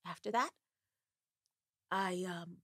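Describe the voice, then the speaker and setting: A woman guest telling a candid personal story in an animated, dramatic way, acting out the voices in it. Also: on the low side, takes it slowly, dry recording, clean studio sound. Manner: animated, dramatic, acts out voices in her stories.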